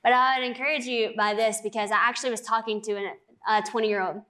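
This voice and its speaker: A young woman of twenty speaks as a talk-show guest, her voice sitting a little high. She tells her story earnestly in a chatty way, dropping plenty of "like" along the way. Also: steady tone, fast talker, sharp tone. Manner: earnest, chatty, heavy use of "like". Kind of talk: faith testimony in conversation.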